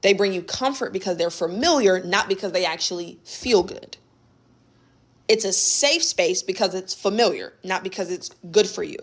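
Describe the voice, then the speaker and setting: A woman's voice: mid-range voice, normal speed. A young adult woman talks through a phone or webcam mic on a live stream. She coaches in a casual, emphatic way, circling back to repeat her points. She speaks straight to her listeners, calling them baby and y'all. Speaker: spiritual coach hosting a live session. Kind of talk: casual motivational teaching on a livestream.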